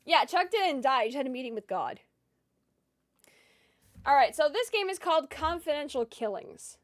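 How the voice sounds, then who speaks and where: A woman's voice: sits high, very animated, normal speed, no room sound, studio quality. A woman streamer giving chatty, casual gaming commentary, giggling often and swearing casually.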